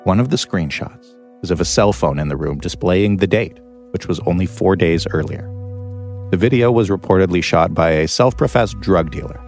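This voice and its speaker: A man narrating a documentary podcast in a measured, scripted way and interviewing a guest. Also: deep voice, darkish tone, soft background music.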